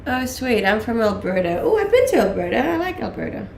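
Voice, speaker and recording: Woman in her late twenties, Danish accent with a blended English twist, gravelly voice, roomy sound, casual streamer chat. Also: on the high side, sing-song, fairly quick, a little hiss or hum. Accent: Danish with mixed English accents. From Denmark. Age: late 20s. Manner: chatty, many ums and laughs. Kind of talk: casual chat reading live chat.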